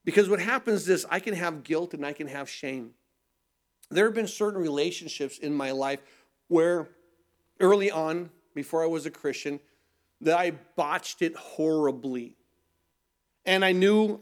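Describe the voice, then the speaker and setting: A man's voice: on the high side, moderate pace. A middle-aged male pastor preaching a sermon, asking rhetorical questions and repeating phrases for emphasis.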